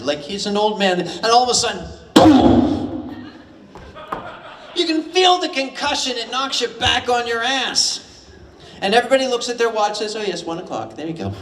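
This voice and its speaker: Older American raconteur, high and animated, wry and salty, caught from the back of an echoey hall. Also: male voice, distant mic, a little hiss or hum. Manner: animated, wry, profane humor. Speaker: storyteller at a live convention event. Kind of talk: live comedic storytelling. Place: large convention hall with audience.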